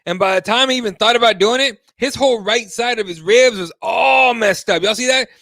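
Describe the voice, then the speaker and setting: A man's voice: very high-pitched, brisk, pushed and bright, no echo, studio quality. A man hosting a live MMA talk show, chatting casually and animatedly, swearing freely and reading viewer comments aloud. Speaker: host.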